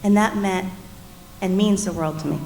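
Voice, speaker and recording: A woman's voice: mid-range voice, normal speed, vocal fry, darkish tone. A middle-aged woman co-teaching a church marriage class, telling personal stories candidly and speaking straight to the group. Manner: candid, storytelling, addresses the class directly. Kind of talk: earnest personal teaching talk. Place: church meeting room. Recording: echoey room with faint noise.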